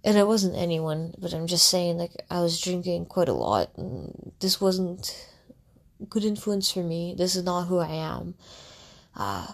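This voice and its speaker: A woman's voice: fairly low pitch, expressive, a little slow, vocal fry. A young woman, a content creator, telling a candid personal story in a casual, rambling way, full of fillers and restarts. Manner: candid and reflective.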